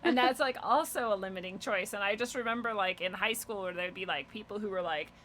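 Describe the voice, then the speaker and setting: A woman's voice: mid-range voice, fairly quick, a bit bright, a little hiss or hum, low-quality recording. A woman in casual podcast conversation, talking animatedly, laughing often and acting out the voices of people she quotes. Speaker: podcast guest.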